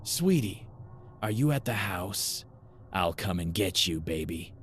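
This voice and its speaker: A man voicing a worried mother in a horror story, speaking softly and coaxingly. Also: deep voice, expressive, measured pace, a little hiss or hum. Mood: gentle worry.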